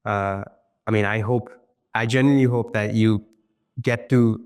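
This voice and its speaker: A man's voice: on the low side, steady tone, moderate pace, darkish tone, clean tone. A man from India, hosting a casual interview and agreeing easily, calling his guest "bro". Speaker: podcast host.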